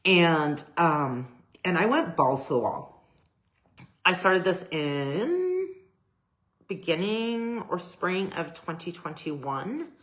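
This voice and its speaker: Low-voiced gushing woman photographer. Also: lively intonation, slow pace, a bit bright. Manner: gushing, rambling, many fillers and restarts. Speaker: boudoir photographer. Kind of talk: casual personal talk to camera.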